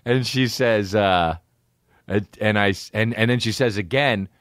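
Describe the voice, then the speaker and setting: A man, a podcast host telling stories in a casual, animated way, swearing a lot and acting out voices. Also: fairly low pitch, a little slow, no echo, clean studio sound. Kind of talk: casual storytelling.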